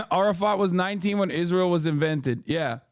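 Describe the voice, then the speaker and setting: A man's voice: sits high, moderate pace, no echo, clean studio sound. A man doing blunt, profane, sarcastic reaction commentary as a streamer host.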